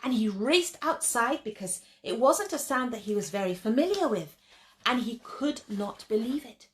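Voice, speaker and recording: A woman storyteller telling a children's tale in an animated, expressive way, often speaking directly to her listeners. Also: a little high, moderate pace, a little hiss or hum.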